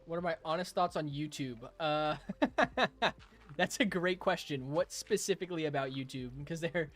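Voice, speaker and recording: A man's voice: fairly high pitch, moderate pace, fairly bright tone. A young man streaming a game, chatting casually with his live chat, playful, rambling and laughing often.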